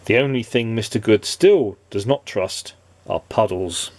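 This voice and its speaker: A man reading a children's picture book aloud, expressive and playful. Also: lowish voice, unhurried, dry recording. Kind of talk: storybook read-aloud.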